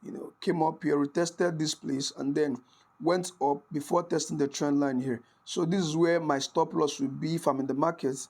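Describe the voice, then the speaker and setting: This man's voice is a little high and a little mellow, steady in tone and at normal speed. He's a forex trading instructor giving a casual screen-recorded tutorial, often checking in with "right?" and restarting sentences to correct himself.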